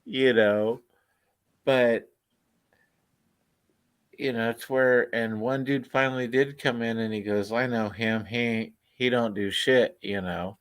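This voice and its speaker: A man's voice: mid-range voice, fairly even intonation, takes it slowly, pauses often, clean tone, dry recording. Laid-back cursing man telling stories. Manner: laid-back, profane, laughs through his stories. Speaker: storyteller. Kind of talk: casual storytelling chat.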